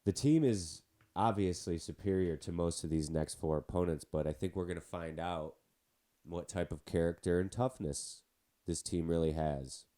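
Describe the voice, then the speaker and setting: A man with a heavy cold talks sports on his own show, his voice stuffed-up and nasal. It sits very low and mellow as he rambles on with side remarks about his teams. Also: moderate pace. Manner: chatty, rambling with asides. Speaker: podcast host. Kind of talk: casual sports podcast talk.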